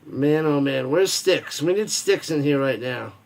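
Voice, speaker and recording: A man runs a football watch party stream and calls the plays himself, his voice high-ish, a little slow, darkish in tone, with lively intonation. Rambling and joking, he reads viewers' messages aloud during the relaxed stream chatter.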